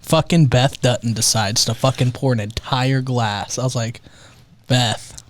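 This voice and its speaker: A man's voice: mid-range voice, steady tone, moderate pace. A man in his twenties chatting on a podcast, laid-back and swearing a lot. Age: 20s. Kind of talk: casual podcast chat.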